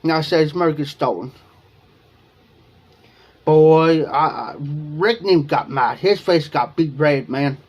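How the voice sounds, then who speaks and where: An Ohio man hosting a livestream tells viewers a long personal story, rambling, repeating himself, and quoting what people said. His voice is a little high and a little slow, with long pauses, and the audio sounds dull.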